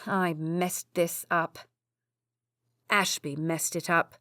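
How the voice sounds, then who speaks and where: A woman's voice: fairly low pitch, fairly even intonation, slow pace, pushed and bright, no echo, studio quality. A woman voicing Charles, a young nobleman full of guilt and worry. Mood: remorseful. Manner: remorseful, anxious.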